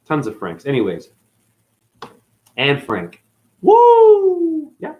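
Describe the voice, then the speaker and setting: A man rambling through a profane spiritual monologue, dropping to mutters and then jumping up in excited bursts. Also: medium pitch, moderate pace, phone-quality sound. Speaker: spiritual video host.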